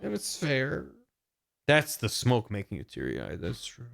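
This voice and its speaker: Lively-voiced man joking over a game. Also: mid-range voice, unhurried, vocal fry. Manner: playful, joking asides. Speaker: streamer. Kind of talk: casual game-stream commentary. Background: game music.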